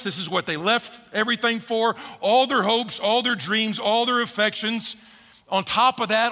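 A man preaches a sermon in a conversational way, slowing down to press his points. His voice sits high for a man, bright and gravelly. The sound carries a long reverb from the church sanctuary. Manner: conversational preaching with emphatic slowdowns. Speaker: pastor. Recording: echoey hall reverb.

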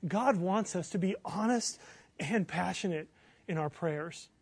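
A man preaching a sermon as pastor, earnest, building to emphatic bursts and then dropping low. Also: unhurried, breathy edge, dry recording.

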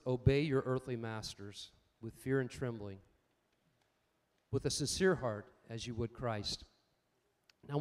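An older man preaching a sermon, swinging between loud emphatic points and quiet personal stories, calling out for amens. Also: medium pitch. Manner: asks the congregation for amens. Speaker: pastor.

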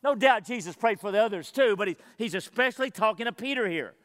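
Earnest pastor preaching in a hall. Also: male voice, high voice, expressive, fast talker, few pauses. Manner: earnest preaching, rhetorical questions. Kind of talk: sermon.

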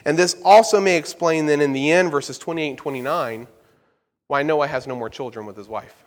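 A man's voice: fairly high pitch, fairly quick. A man preaching a Bible-study sermon, explaining verses emphatically and turning to the listeners with asides. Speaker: pastor. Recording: long hall reverb.

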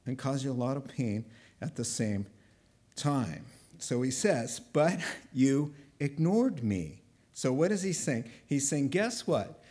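A man preaching a sermon with animated delivery, acting out God's words in the first person. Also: mid-range voice. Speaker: pastor.

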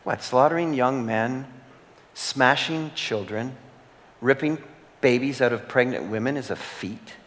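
A male pastor preaches in a church sanctuary, his voice trailing off into a long hall reverb. He talks earnestly and circles back to repeat key phrases. His pitch sits mid-range for a man. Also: unhurried, fairly bright tone. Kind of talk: sermon.

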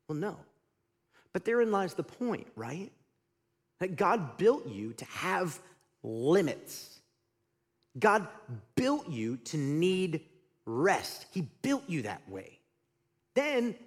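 A middle-aged pastor with a high-pitched voice preaches a sermon in a big, echoing room. He speaks conversationally to the congregation and poses questions to them, his animated delivery suddenly dropping to quiet moments.

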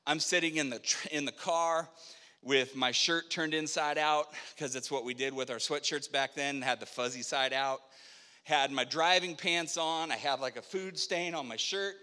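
Middle-aged male preacher, bright, slightly high voice, lively storytelling, long hall reverb. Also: moderate pace, smooth. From Spokane, Washington, USA. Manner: animated storyteller acting out dialogue. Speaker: preacher telling his testimony. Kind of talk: sermon testimony storytelling.

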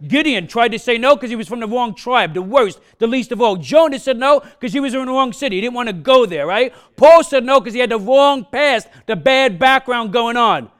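Male pastor, high voice, accented English, punchy sermon delivery with call-outs to the room. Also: animated, fairly quick, hardly any pauses, fairly bright tone, clean tone. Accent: non-native English accent. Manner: punchy, repeats questions to the congregation, frequent "huh?". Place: church sanctuary.

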